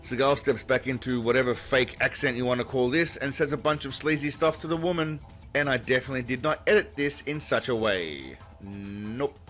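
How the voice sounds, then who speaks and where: A man doing a deadpan, sarcastic comedy voice-over that mocks the footage. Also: medium pitch, fairly quick, faint music behind. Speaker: comedy narrator. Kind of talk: mocking commentary voice-over.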